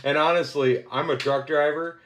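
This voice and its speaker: A man's voice: a little high, fairly even intonation, moderate pace, fairly bright tone, a little hiss or hum. A man who drives trucks, with a northern US accent, talking in an easygoing, hesitant way. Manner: easygoing, hesitant, laughs a little.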